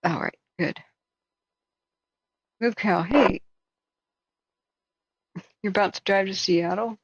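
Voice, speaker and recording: A tired woman hosting a casual live wildfire-tracking stream, slightly hoarse and thinking aloud while chatting with viewers. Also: medium pitch, takes it slowly, no echo, muffled recording. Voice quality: slightly hoarse, clears throat. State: tired after staying up all night. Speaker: wildfire tracking livestream host.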